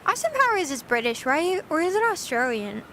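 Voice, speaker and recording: Young woman streamer, super high squeaky voice, bouncy and giggly, rambling chat w viewers. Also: sing-song, a little fast, bright, forceful tone, a little hiss or hum.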